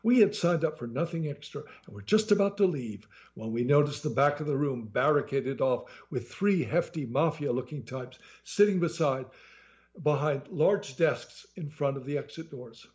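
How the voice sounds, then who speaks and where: A man's voice: fairly high pitch, lively intonation, normal speed, a little mellow, lo-fi sound. A man reading his own humorous memoir aloud in a sardonic storytelling manner.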